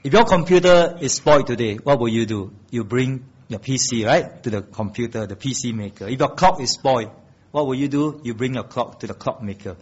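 A man preaches a sermon in a slightly husky voice. He climbs to loud, emphatic peaks, then settles soft and slow on the key phrases. The recording is dull and lo-fi. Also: medium pitch.

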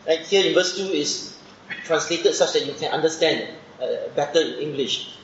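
A man's voice: fairly high pitch, normal speed, creaky, a bit bright. A man preaching a Bible study sermon, explaining step by step and often checking in with a questioning "right?". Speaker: preacher teaching scripture. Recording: echoey room, dull muffled sound with faint background noise.

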